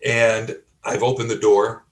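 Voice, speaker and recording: A man teaching like a pastor, emphatic and repetitive, asking rhetorical questions and often adding "okay?", with frequent throat clearing. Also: mid-range voice, little pitch movement, measured pace. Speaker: pastor and life coach. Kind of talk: teaching sermon. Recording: roomy, from a distance.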